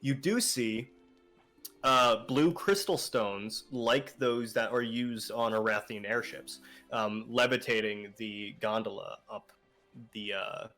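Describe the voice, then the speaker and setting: A man's voice: medium pitch, takes it slowly, sharp tone, soft background music. A young man narrating a tabletop game as game master, casual and rambling, with swearing.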